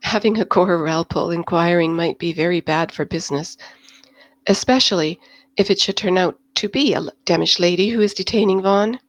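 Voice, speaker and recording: A woman narrating a science-fiction novel in a steady, measured storytelling manner. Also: lowish voice, dry recording, low-quality recording. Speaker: audiobook narrator. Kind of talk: scripted narration.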